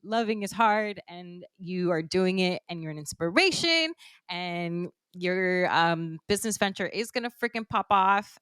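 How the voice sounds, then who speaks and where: A woman hosting a podcast, chatting casually and warmly encouraging her guest, emotional and quick to laugh. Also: on the low side, clean tone, no room sound, clean studio sound. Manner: emotional, gushing, laughs through tears. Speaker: podcast host.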